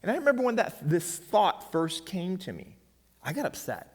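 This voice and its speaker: A man's voice: high voice, wildly swooping pitch, moderate pace, darkish tone, slightly rough. A middle-aged man giving a church finance seminar in an emphatic way, often checking in with his audience. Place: church hall. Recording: long reverb of a church hall.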